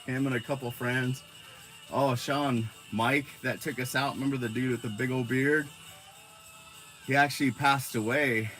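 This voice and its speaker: A man's voice: mid-range voice, fairly bright tone. Easygoing man rambling through a story. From Arizona. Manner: rambling, laid-back, swears freely. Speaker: live streamer. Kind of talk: casual live-stream storytelling.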